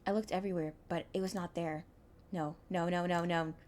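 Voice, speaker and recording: A young woman streamer reading a visual novel aloud, with expressive, anxious narration and small stumbles. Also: fairly low pitch, brisk, slight background noise.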